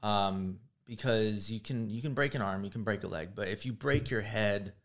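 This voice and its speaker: A man's voice: lowish voice, normal speed. A man talking as a guest on a podcast, casual and earnest, with some hesitant fillers. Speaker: guest, motorcycle gear salesman. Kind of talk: casual chat.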